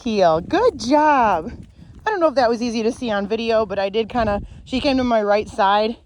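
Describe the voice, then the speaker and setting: A woman's voice: a little high, fast talker, darkish tone, slight background noise. A woman dog trainer walking a dog outdoors, explaining each step of her method to viewers and stopping to praise the dog. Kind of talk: instructional demonstration while walking a dog.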